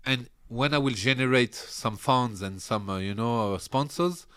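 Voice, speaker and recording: Guy, middle-aged, bright tense voice, laughs a lot telling his stories. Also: mid-range voice, a little slow, clean tone. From France. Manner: animated storyteller, laughs often, broken English. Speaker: podcast guest. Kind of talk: casual interview chat.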